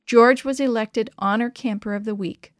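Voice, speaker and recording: Expressive woman reading a children's story. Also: fairly high pitch, normal speed, no echo.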